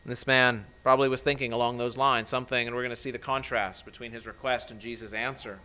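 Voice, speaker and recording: A male pastor preaching a sermon, building to loud emphatic peaks and then dropping soft and low. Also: level tone, quick pace, few pauses, poor audio.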